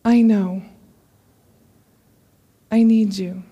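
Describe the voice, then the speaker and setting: A woman's voice: mid-range voice, steady tone, very slow, dark tone, breathy edge. A woman preaching a sermon, a parent, reading scripture with dramatic expression and light laughter. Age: adult parent.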